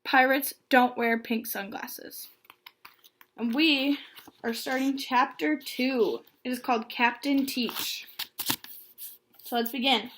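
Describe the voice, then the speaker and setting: A woman's voice: high voice, steady tone, slow, long pauses, fairly bright tone, a little hiss or hum. A woman reading a children's chapter book aloud and pointing young listeners to the pictures. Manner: friendly, guiding young listeners through pictures. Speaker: read-aloud storyteller.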